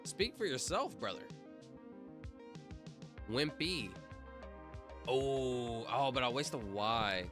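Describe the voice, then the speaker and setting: Male streamer, casual chat with viewers, very animated pitch, spells letters aloud, music bed underneath. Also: slow pace, pauses often. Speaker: livestreamer. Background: music playing.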